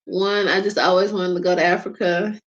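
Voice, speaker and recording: A woman's voice: lowish voice, little pitch movement, fairly quick, muffled recording. A woman from Georgia with a Southern accent, hosting her show in rambling casual chat and laughing often. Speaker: host.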